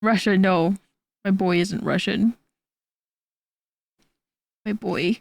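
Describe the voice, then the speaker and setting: This art streamer, a young woman drawing at home, speaks slowly in a mid-range, creaky voice with fairly even intonation. The studio-quality audio has no echo, and her casual chat rambles with self-deprecating jokes and remarks to her cat.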